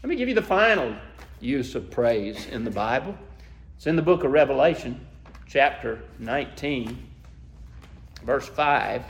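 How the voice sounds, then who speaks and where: A man preaching a sermon, telling the story emotively and asking listeners to imagine themselves there, climbing to excited peaks and then dropping soft. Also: mid-range voice, unhurried, gravelly, long pauses. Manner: asks listeners to imagine scenes.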